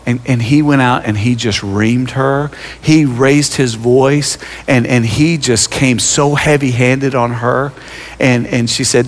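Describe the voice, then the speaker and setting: A man's voice: medium pitch, steady tone, normal speed. A man preaching a sermon as pastor, telling personal stories with self-deprecating humor and stumbling restarts. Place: church sanctuary. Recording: long reverb of a large hall.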